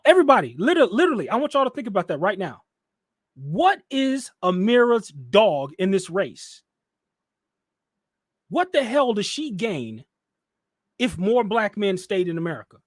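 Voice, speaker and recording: Guy doing reaction commentary, high voice, big swings, keeps throwing mocking questions. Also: very animated, moderate pace, pauses often, breathy edge, no room sound, studio quality. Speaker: commentary channel host.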